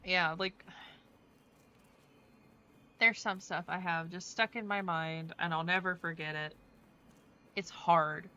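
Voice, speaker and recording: A woman's voice: on the low side, steady tone, slow, long pauses, sharp tone, highs cut off. A woman streaming a game, chatting casually in a rambling way full of fillers. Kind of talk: casual chat while playing a game.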